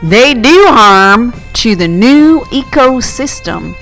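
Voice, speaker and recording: A woman voicing a retired male zoologist who explains things slowly and hesitantly. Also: on the high side, animated, fairly bright tone, soft background music, exaggerated voice, rough recording. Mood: explaining. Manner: slow, lecturing, hesitant.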